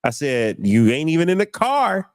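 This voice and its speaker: A young man hosting a podcast, telling an animated story and acting out the voices in it. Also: a little high, moderate pace. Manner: acts out voices in his stories, preachy exclamations. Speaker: podcast host.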